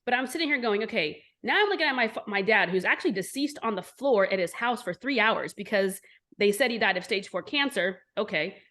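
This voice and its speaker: A woman in her forties, an entrepreneur guest telling her story in an interview, blunt and animated, with frequent swearing. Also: medium pitch, a little fast. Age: 40s.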